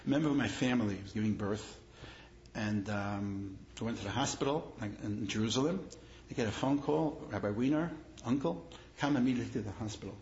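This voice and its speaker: A man's voice: fairly low pitch, fairly quick, darkish tone. A man, a rabbi, giving a lecture built on personal stories, repeating his phrases and growing emphatic as he tells them. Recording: echoey room, dull lo-fi sound, faint noise.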